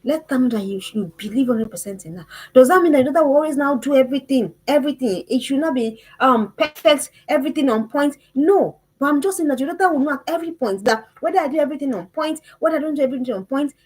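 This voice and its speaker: A woman teaching a parenting lesson, emphatic and animated, who repeats her phrases and keeps asking the listener questions. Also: high-pitched, fast talker, few pauses, breathy edge, rough recording.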